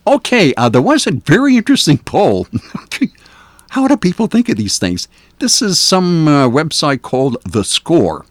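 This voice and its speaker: Older male AM radio host, opinionated and chatty with lots of fillers, animated delivery, close dry studio mic. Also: a little high, moderate pace, no room sound. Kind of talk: casual talk radio commentary.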